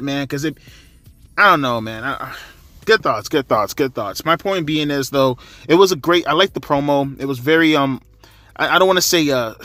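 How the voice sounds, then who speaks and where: A man's voice: mid-range voice, fairly bright tone, dry recording. A man giving a profane, rambling wrestling reaction rant in a casual style, often repeating himself. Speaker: wrestling commentary YouTuber.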